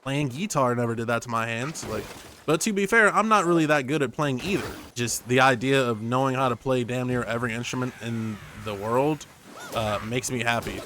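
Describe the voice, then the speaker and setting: A young man commentating over a game stream in an easygoing, rambling way, hopping from joke to joke. His voice sits at a middle pitch with a bright, forward edge. He talks close to his streaming microphone. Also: a little fast, a little hiss or hum. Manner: rambling, jokey, tangent-prone. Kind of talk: casual gaming commentary.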